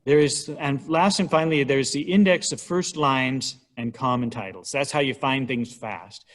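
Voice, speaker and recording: A man's voice: medium pitch, normal speed. A middle-aged man giving an informal, wry talk on hymnals at a church, chatting and sometimes counting syllables aloud.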